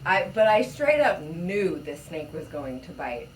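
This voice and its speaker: Woman, podcast co-host, low and very lively pitch, relaxed chat, a bit off-mic with faint hiss. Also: unhurried. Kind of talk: casual chat. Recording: distant mic with faint room noise.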